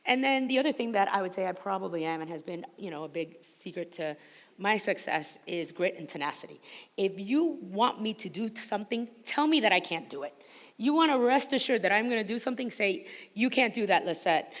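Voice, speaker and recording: Brief: animated panelist, woman with a slight Spanish-influenced accent, hall reverb. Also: medium pitch, fairly quick. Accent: Spanish-influenced English. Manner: energetic, emphatic, laughs often. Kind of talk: panel discussion. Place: conference hall stage.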